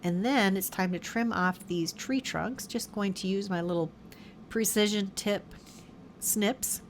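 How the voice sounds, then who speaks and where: A woman talks through a craft project step by step in a relaxed, chatty voice over the footage, stopping to correct her own words. Her pitch sits in the middle, and faint noise hums behind her. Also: a little slow. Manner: chatty, self-correcting, fond of her materials. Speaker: card-making tutorial host. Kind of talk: casual step-by-step craft narration.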